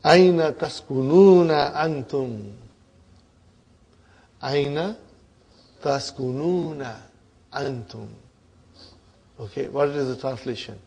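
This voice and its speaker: A man's voice: medium pitch, moderate pace, long pauses, mellow, slightly rough. A man teaching a grammar class, quizzing students with frequent "huh?" prompts and repeating their answers. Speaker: Arabic teacher.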